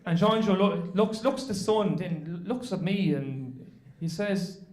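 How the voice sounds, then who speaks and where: Irish comedian, high voice, echoey room. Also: male voice, takes it slowly, a little mellow. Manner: swearing, self-deprecating anecdotes. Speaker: stand-up comedian. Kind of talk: stand-up storytelling.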